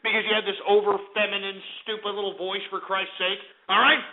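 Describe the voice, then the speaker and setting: Male radio host, abrasive and mocking, high voice, tinny phone-line sound. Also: fairly quick, hardly any pauses. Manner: insulting, mocking, barking at callers. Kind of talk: abrasive call-in radio rant.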